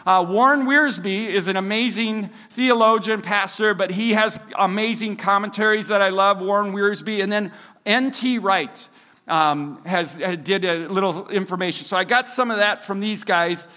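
In a church service hall, a Minnesotan pastor preaches a sermon with a high-sitting, sharp voice at a moderate pace, the large room audible around him. His delivery is casual and chatty, packed with fillers and self-deprecating asides.

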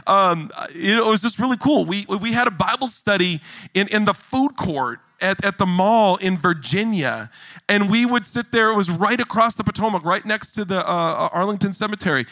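Guy preaching, high bright voice, lively and jokey, pretty dry sound. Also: moderate pace, no echo. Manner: animated, jokey preaching with rising emphasis. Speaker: pastor. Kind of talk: sermon.

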